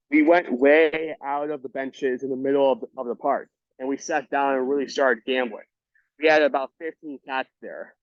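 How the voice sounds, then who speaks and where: A man reading a memoir aloud for a book club, stumbling and restarting words and saying the quote marks out loud. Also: mid-range voice, no room sound. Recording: dull lo-fi recording.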